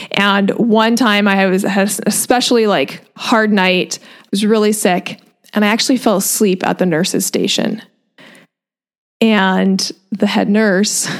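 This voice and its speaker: A woman nutrition coach talks straight to her listeners in a relaxed podcast monologue, her voice pitched in an ordinary middle range. She is chatty and loose, leans on "like" as a filler, and breaks into small laughs as she goes.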